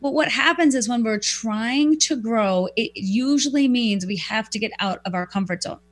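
A woman guest who speaks professionally, telling stories in a reflective, animated way and acting out quoted lines. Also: a little high, moderate pace. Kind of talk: conversational storytelling.

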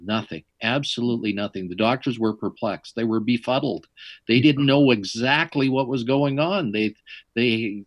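A middle-aged man, an interview guest, telling his story in an animated, wry way. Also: lowish voice, no room sound.

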